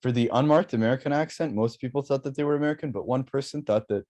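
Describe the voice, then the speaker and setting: A man's voice: mid-range voice, quick pace, a little mellow. A young man, an undergraduate student, giving a research presentation, hesitant with many fillers, restarts and apologies. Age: young adult.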